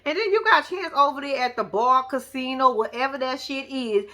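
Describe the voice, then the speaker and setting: 高音女性，声音明亮尖利，泼辣直白地吐槽真人秀。. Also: female voice, high voice, normal speed, sharp tone. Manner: blunt, profane, sassy running commentary. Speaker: show recap commentator. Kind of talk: casual reality-show recap.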